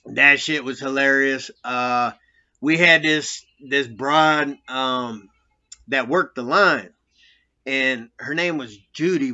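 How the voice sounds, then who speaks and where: Profane man with a bright, sharp voice. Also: medium pitch. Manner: profane, laughing, rambling. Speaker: former prisoner telling stories. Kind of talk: casual storytelling. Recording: dull lo-fi recording.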